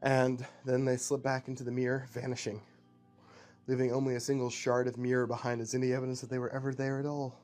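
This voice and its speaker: A man's voice: mid-range voice, completely flat delivery, fast, a little mellow, soft background music. A man casually improvising a story aloud, rambling with fillers.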